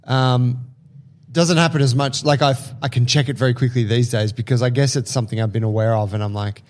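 A man's voice: medium pitch, steady tone, brisk, darkish tone. Male podcast co-host, casual, reflective, blunt joker.

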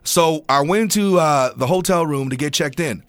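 A middle-aged man chatting casually, telling an excited, animated story. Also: a little high, moderate pace, no echo. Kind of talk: casual chat.

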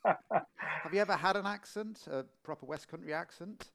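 A man's voice: high-pitched, moderate pace, vocal fry, fairly bright tone. A man interviewing a guest in a casual, joking manner. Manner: joking, laughs along.

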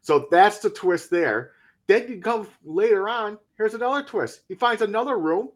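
A man chatting casually about a movie, animated and profane, often jumping in to finish the other speaker's thoughts. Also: sits high, normal speed. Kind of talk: casual movie recap chat.

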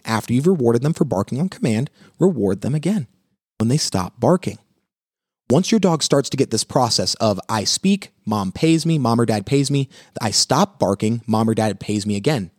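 A man hosting a live pet advice talk, walking viewers through dog training steps in an energetic, coaching way. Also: mid-range voice, no echo, studio quality.

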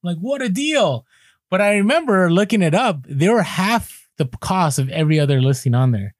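A man's voice: a little high, brisk, no room sound, clean studio sound. Chatty man telling resale stories. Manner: chatty storyteller, animated asides. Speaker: podcast co-host. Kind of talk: casual podcast chat.

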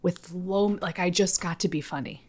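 A woman co-hosting a podcast in casual chat, bubbly and animated when telling stories. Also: fairly low pitch, moderate pace. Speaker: podcast co-host.

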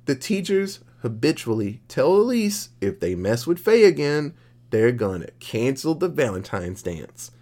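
Animated, profane man recapping a movie. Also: mid-range voice, a little slow. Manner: profane, jokey, acts out characters mid-recap. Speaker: podcast co-host.

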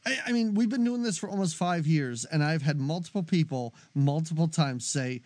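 A man's voice: a little high, moderate pace, few pauses. A man co-hosting a movie podcast, chatting casually and joking with frequent laughs. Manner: animated, jokey, laughs often. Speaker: podcast co-host.

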